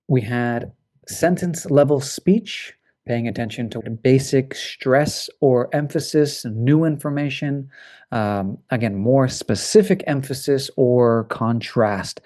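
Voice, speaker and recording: A man with an American accent leads a pronunciation review at an unhurried pace. He sounds out words with care and repeats the practice drills. His voice sits at a middle pitch. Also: mellow. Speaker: pronunciation teacher. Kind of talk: review lesson, modeling sounds.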